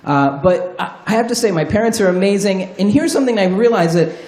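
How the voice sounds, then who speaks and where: A man's voice: high voice, lively intonation, fairly quick, a little mellow. A man telling a wry, candid, profanity-laced comedic story live on stage at a storytelling show. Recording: roomy live venue sound.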